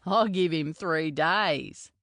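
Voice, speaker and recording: A woman's voice: low voice, takes it slowly, a bit bright, no echo, clean studio sound, full character voice. A woman doing a wincing, crude rugby bloke. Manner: grimacing, crude joking. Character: male rugby teammate wincing at jokes.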